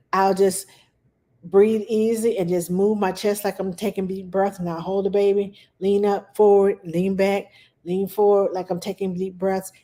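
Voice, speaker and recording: A woman's voice: medium pitch, mellow. A woman working as a nanny, giving earnest, casual parenting advice and repeating her key points for emphasis. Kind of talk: casual advice talk to camera.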